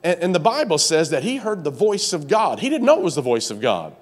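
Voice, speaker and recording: A pastor preaching a sermon, telling a story with many stammered restarts and jumping up high in pitch to act out its scenes. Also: male voice, sing-song, a little fast.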